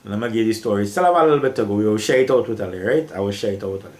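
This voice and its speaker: A man's voice: on the low side, animated, racing, a little mellow, roomy sound. An older man with a Trinidadian accent tells an emotional story from his working life in a casual, repetitive way, often calling the listener "boy".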